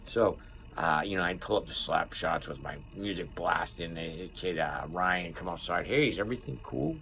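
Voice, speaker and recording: Very deep-voiced man rambling casually. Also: steady tone, normal speed, sharp tone, a little hiss or hum, low-quality recording. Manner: candid, rambling, swearing. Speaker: vlogger.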